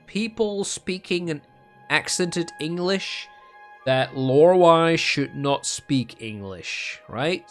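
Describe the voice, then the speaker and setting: Brief: young male gaming streamer with a Dutch accent, mid-pitched, loose rambly rant, lots of ums and restarts. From Netherlands. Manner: rambling and self-mocking, with frequent ums and restarts. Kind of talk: casual rambling chat while gaming.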